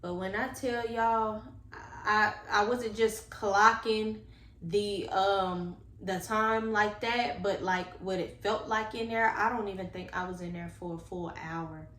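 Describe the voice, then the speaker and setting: A woman's voice: medium pitch, takes it slowly. Earnest woman, echoey room. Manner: earnest, animated storytelling that addresses viewers directly. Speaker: vlogger telling a personal story. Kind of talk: casual storytime monologue. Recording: echoey room with faint background noise.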